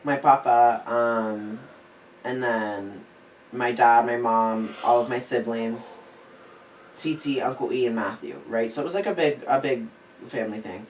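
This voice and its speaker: A man's voice: medium pitch, a little slow. A young man telling a story in a casual chat, rambling with lots of "like" fillers. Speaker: podcast co-host. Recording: echoey room, distant mic, faint hiss.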